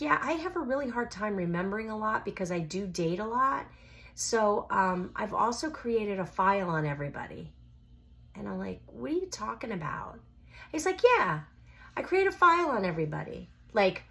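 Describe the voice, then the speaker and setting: Wry woman telling a dating story. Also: medium pitch. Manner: wry, sarcastic, quotes people in lively asides. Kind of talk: casual storytelling.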